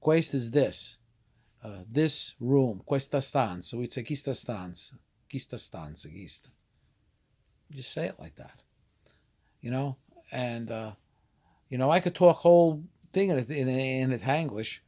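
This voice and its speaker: A man's voice: mid-range voice, a little slow, dark tone. A middle-aged man from northern New Jersey with a New Jersey Italian-American accent, chatting casually in a rambling, streetwise way and swearing offhandedly. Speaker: vlogger. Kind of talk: casual monologue.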